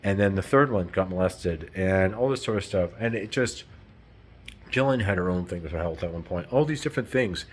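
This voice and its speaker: A man's voice: low-pitched, expressive, fairly quick, slight background noise. A man vlogging in a rambling, emphatic monologue full of swearing. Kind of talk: casual monologue to camera.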